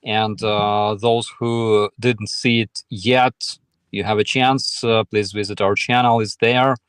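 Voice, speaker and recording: Slow, hesitant man on a video call. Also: lowish voice, little pitch movement, a bit bright, clear, resonant tone, no echo. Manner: slow and hesitant, many pauses and fillers. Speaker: guest. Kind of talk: casual chat on a video call.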